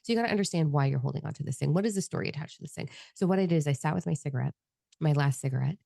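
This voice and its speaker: A woman's voice: low-pitched, very fast, vocal fry, dark tone, no room sound, studio quality. A woman speaking as a podcast guest, blunt and profane, emotionally open in a candid conversation at her desk at home.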